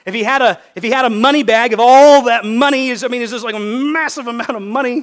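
A high-pitched man delivers a sermon as pastor. He is emphatic and hammers home his points by repeating words again and again. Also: fast talker.

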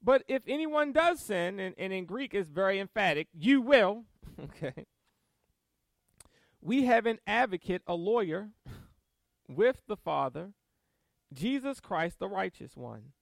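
High-voiced guy preaching, really animated, quick asides, dry close sound. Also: creaky, no echo. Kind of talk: sermon. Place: church service.

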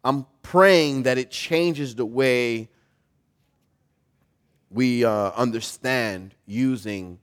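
A pastor preaching a sermon, telling a story with animation and putting questions to the congregation. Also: male voice, medium pitch, very slow, pauses often.

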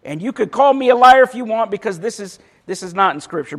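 A male preacher with a fairly high voice delivering a sermon. He speaks emphatically and tells stories. He drops in wry asides along the way. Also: expressive, fast, hardly any pauses. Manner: emphatic, storytelling, with dry asides.

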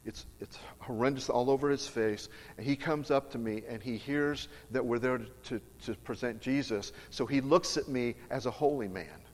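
A man's voice: mid-range voice, moderate pace, few pauses. A middle-aged man preaching, telling a personal story in an emphatic, earnest way. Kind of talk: storytelling sermon. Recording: long reverb of a large hall.

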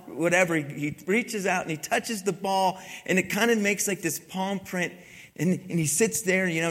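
A male pastor with a slightly higher-than-average voice preaching a sermon. He rambles through a story, dropping to quiet asides and then rising loud and excited as he acts out scenes. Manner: rambling storytelling, swings from soft to loud when retelling scenes.

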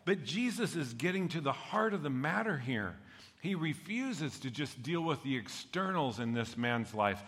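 Bright-voiced pastor preaching in a hall. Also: male voice, a little high, normal speed, husky. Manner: animated storytelling, acting out voices of characters. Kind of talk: sermon.

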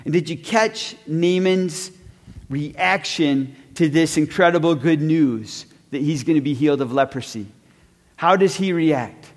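Male pastor, high voice, casual storyteller, reverberant hall. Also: a little slow. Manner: conversational storytelling, acts out characters. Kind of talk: sermon.

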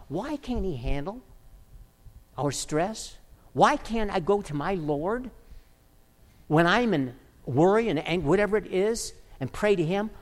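A pastor delivering an emphatic sermon full of rhetorical questions. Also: male voice, high voice, long reverb tail.

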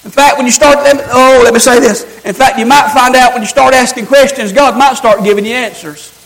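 A man preaching a sermon, calling out to the congregation and rising into shouts. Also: very high voice, fairly quick, vocal fry, rough recording.

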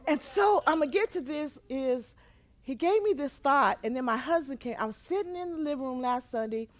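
This woman pastor's sermon testimony swings between hushed, quiet storytelling and loud, emotional outbursts. Her voice is high-pitched and expressive, and she speaks briskly.

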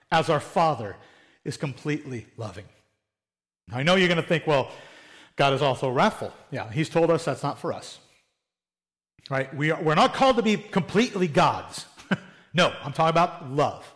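A man preaching a sermon in a plain-spoken, conversational way, often acting out little quoted exchanges. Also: on the high side. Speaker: pastor.

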